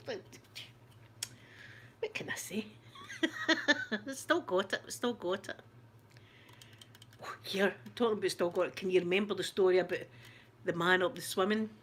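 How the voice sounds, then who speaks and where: A middle-aged Scottish woman hosts her channel in casual chat, telling stories and laughing often. Her voice is medium-pitched and a bit bright.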